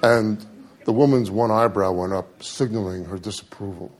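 A man's voice: on the low side, moderate pace, slight background noise. A middle-aged man preaching a sermon, telling a humorous personal story with dry asides before turning to scripture. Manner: storytelling, animated when quoting himself, dry asides.

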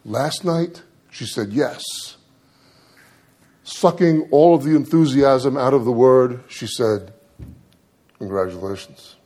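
A middle-aged preacher with a medium-pitched voice speaks slowly as he tells a humorous personal story in his sermon. He gets animated when quoting himself and drops dry asides before turning to scripture.

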